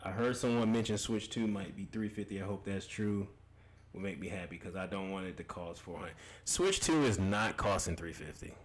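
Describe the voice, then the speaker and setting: A young man with a low voice hosts a casual gaming livestream, reading chat comments aloud. He's loose and profane, laughs often and repeats himself.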